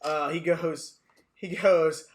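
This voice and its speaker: A man's voice: on the high side, slow, a little hiss or hum. A young man co-hosting a casual podcast chat, telling stories and acting out quotes with lots of energy. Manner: animated storyteller, acts out quotes. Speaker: podcast co-host.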